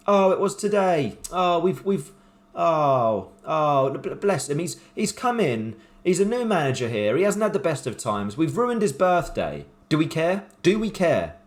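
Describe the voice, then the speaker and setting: A man commentating his own football management game in a casual, excitable way, swinging between hope and panic as the match unfolds. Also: a little high. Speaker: gaming YouTuber playing a football management game. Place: home room with shelves and a cushion.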